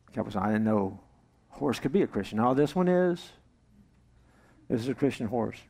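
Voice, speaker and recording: A male pastor with a fairly low, creaky, husky voice speaks fast while preaching a sermon to his congregation at a church service. He's telling a joke with animated storytelling and acted-out voices.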